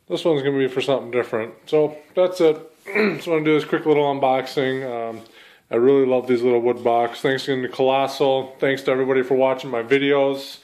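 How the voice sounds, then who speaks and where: A man's voice: medium pitch, brisk, darkish tone, poor audio. Laid-back man rambling through an unboxing. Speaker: channel host. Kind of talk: casual unboxing vlog.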